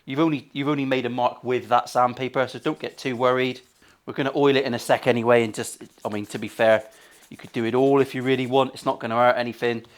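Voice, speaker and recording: A man's voice: medium pitch, fairly even intonation, quick pace. A middle-aged man, a luthier chatting casually through a workshop vlog, full of swearing and jokey banter. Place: guitar workshop.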